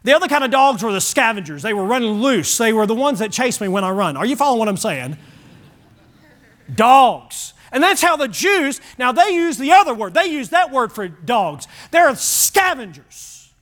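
Pastor, high voice, folksy, animated sermon that drops to a hush. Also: male voice, normal speed. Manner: animated, folksy, shifts from loud to hushed.

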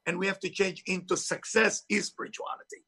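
High bright-voiced man with heavy accent. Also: flat delivery, fairly quick, slightly rough. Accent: heavy foreign accent. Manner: emphatic, preachy, non-native phrasing. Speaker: author and spiritual teacher. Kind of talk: interview talk.

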